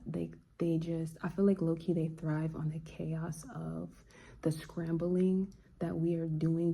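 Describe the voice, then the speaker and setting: A woman vlogger talking in a relaxed, slangy, reflective way. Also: low voice, creaky, breathy edge. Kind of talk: casual chat.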